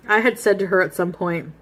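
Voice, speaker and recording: A woman's voice: lowish voice, brisk, fairly bright tone. A woman vlogger in her thirties, bluntly telling a rambling story about herself, laughing at herself while she eats. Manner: eating while talking. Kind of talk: casual storytelling.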